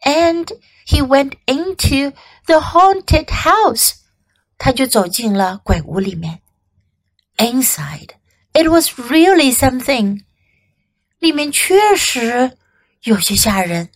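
A woman English teacher reading a storybook to children and slowly explaining phrases. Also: high voice, big pitch swings. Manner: slow, clear, explaining and repeating for children.

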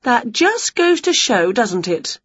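A woman voicing an excitable adult female witch in a picture-book story, squealing and dramatic. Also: on the high side, slow, slightly rough, no echo, highs cut off, pitched above the performer's own voice, exaggerated voice. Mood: gleeful.

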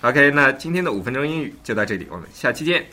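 Lively, slightly husky Mandarin-speaking host. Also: male voice, mid-range voice, racing. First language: Mandarin Chinese. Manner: laughs often, repeats phrases back. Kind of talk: casual language lesson chat.

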